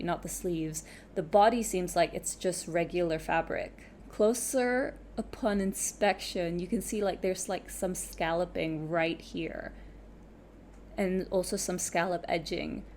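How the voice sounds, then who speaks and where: Young woman w/ international school accent, chatty knitting commentary, lowish voice, faint room hum. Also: darkish tone. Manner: chatty, laughs easily, thinks aloud. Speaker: knitting channel host. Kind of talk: casual reaction commentary.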